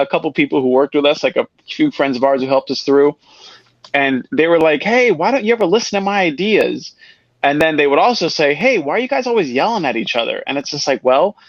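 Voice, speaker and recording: Man, co-founder guest, animated storyteller, higher voice, dry muffled lo-fi sound. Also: no echo. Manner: animated storyteller who acts out quotes. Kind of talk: casual interview chat.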